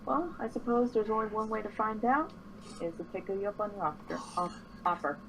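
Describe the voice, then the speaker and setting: A woman playing a tabletop game, speaking in character in a measured, wary way. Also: fairly high pitch, animated, background noise. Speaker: player. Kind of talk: in-character tabletop role-play.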